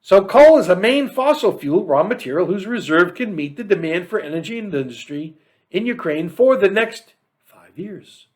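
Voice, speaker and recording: A man's voice: high voice, lively intonation, normal speed. A man hosting a political commentary monologue, reading facts aloud and breaking in with sarcastic, mocking asides. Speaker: show host.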